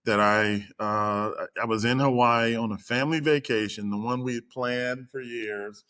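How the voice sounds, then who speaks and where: A man's voice: mid-range voice, fairly even intonation, unhurried, bright, forceful tone. A middle-aged man, a guest on the show, tells a personal story in conversation. He speaks with frequent fillers and acts out the voices of the people he quotes. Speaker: guest executive.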